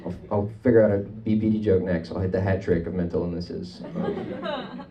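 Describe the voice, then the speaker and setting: Low-voiced rambling stand-up comedian. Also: male voice, moderate pace, dull audio. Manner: rambling, deadpan, self-deprecating. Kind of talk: stand-up set. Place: comedy club stage with live audience. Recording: club audio, mic at a distance, crowd audible.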